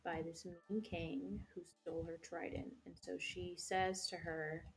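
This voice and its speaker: A woman's voice: lowish voice, level tone, unhurried, vocal fry. A young woman hosting a livestream, chatting casually while she works, rambling with lots of fillers and frequent swearing. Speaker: livestream host. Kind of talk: casual chat while crafting.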